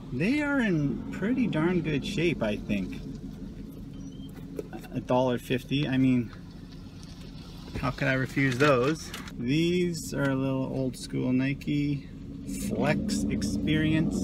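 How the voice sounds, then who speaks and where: A man talking casually to the camera in a vlog, chatty and self-mocking, recorded in a car. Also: medium pitch. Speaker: vlogger. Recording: loud car and road noise.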